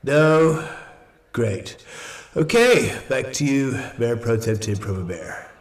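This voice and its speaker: A man's voice: medium pitch, expressive, takes it slowly, reverberant. A man playing a flustered male city clerk who apologizes and hesitates constantly. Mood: apologetic. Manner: hesitant, apologetic, full of fillers. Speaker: council meeting clerk character.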